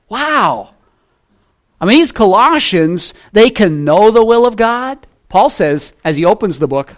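A middle-aged male pastor preaching a sermon, swinging between loud emphasis and soft low asides and reading scripture in a slow, old-fashioned cadence. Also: animated. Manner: reads scripture in slow King James cadence.

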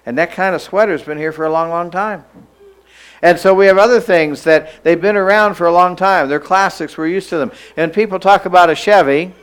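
A man preaching a sermon in a church, emphatic, slowing down to stress key lines and having the listeners repeat phrases after him. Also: sits high, smooth, poor audio.

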